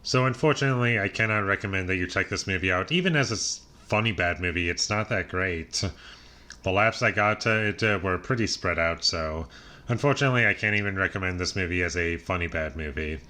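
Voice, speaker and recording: Low-voiced man rambling through a review. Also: a little fast, bright, forceful tone. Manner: rambling, heavy on "like" and "uh" fillers; dry, exasperated critique with small laughs. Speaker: movie reviewer. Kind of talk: casual spoken movie review.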